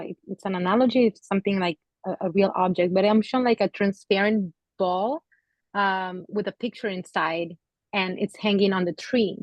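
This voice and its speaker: A woman giving a psychic reading to an audience member, speaking gently and hesitantly with many pauses and fillers, and getting emotional. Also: medium pitch, dry recording, dull audio. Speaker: psychic medium.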